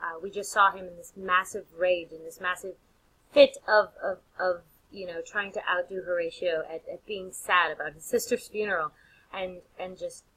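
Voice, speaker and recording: A woman teacher lectures casually, retelling the story in an animated, slangy way with frequent fillers and restarts. Her voice is bright and forceful, with a slightly tense edge. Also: on the low side, moderate pace, slightly rough, rough recording.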